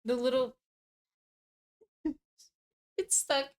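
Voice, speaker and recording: A woman's voice: high-pitched, fairly even intonation, extremely slow. A young woman in her twenties chatting casually on a live stream as she repairs a cosplay, rambling and laughing as she talks. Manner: giggly, rambling storyteller with frequent laughs and fillers. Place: home room while crafting. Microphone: streaming setup.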